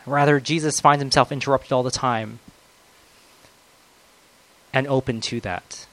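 A man preaching a conversational sermon, swinging between loud, emphatic moments and soft, reflective ones. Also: medium pitch, steady tone, unhurried, long pauses, no echo, rough recording.

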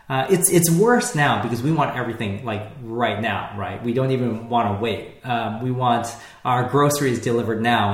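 A man preaching a sermon in a relaxed, conversational way, with frequent fillers and restarts. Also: medium pitch, reverberant. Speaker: pastor.

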